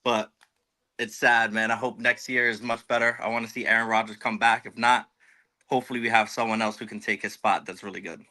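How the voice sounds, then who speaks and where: A man's voice: fairly low pitch, level tone, brisk, sharp tone. A man calling in to a sports show, speaking in an easygoing, earnest way. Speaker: caller. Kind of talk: casual fan call-in.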